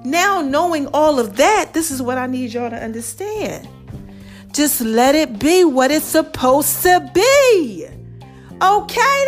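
A woman hosting her own online show, talking casually and warmly to her viewers, calling them "baby" and repeating phrases to drive her point home. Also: sits high. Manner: affectionate, calls listeners "baby" and "y'all"; preachy, repeats phrases for emphasis. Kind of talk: casual motivational talk to viewers.

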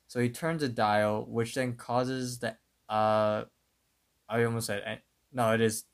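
A man co-hosting a podcast, casually recapping a cartoon episode and telling it in an unhurried way with plenty of fillers. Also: fairly low pitch, little pitch movement. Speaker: podcast co-host.

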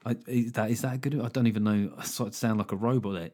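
A man's voice: lowish voice, steady tone, fast talker, mellow. A young English man hosting a podcast alone, chatting casually with sardonic, rambling asides and frequent swearing. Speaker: podcast host. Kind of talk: casual solo political chat.

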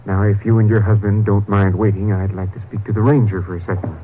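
An actor playing a calm, clinical psychiatrist, in 1940s radio acting on a tinny old broadcast. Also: male voice, on the low side, noisy background, natural voice. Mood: measured. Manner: measured, clinical. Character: measured, professional male doctor.

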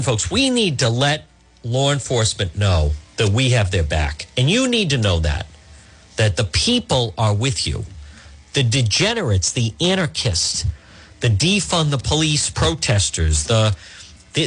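A man's voice: mid-range voice, a bit bright, breathy edge. A man hosting a talk radio show, speaking in an emphatic monologue and often restarting or repeating words.

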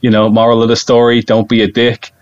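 A man guesting on a podcast as an actor, talking in a rambling, excitable way and laughing often. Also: medium pitch, fairly quick, dull audio. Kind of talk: casual podcast chat.

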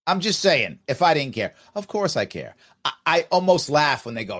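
A man in his fifties, a podcast host, talking casually and reading out listener comments with emphatic, animated delivery. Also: medium pitch, moderate pace. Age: 50s. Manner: animated, emphatic, quotes others in exaggerated voices.

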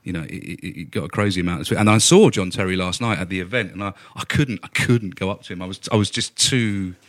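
A man guesting on a football podcast, telling stories in a rapid, self-mocking way. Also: low-pitched, no echo, clean studio sound. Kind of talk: casual football chat.

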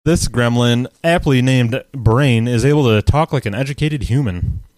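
Podcast co-host, male, dry close-mic sound, recapping a movie casually with a deadpan joking tone. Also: medium pitch, moderate pace, no echo. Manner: recaps the plot with deadpan jokes and laughs.

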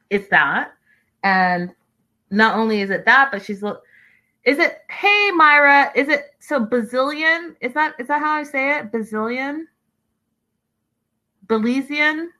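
A woman hosting a casual livestream, chatting with viewers and reacting to their comments in a lively, talkative way. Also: mid-range voice, poor audio. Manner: chatty, animated, addresses viewers as y'all. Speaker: livestream host reading chat. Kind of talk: casual reality-show recap livestream.

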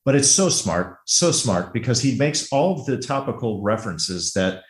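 A man's voice: mid-range voice, sing-song, moderate pace, roomy sound. A man co-hosting a casual movie podcast, talking enthusiastically and laughing as he retells favorite scenes. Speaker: podcast co-host.

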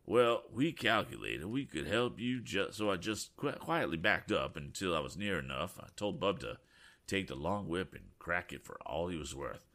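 A man's voice: low voice, big pitch swings, moderate pace, fairly bright tone, heavily acted. A man voicing a burly, grizzled older farmer who talks in a drawling rural dialect. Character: burly grizzled old male farmer, folksy.

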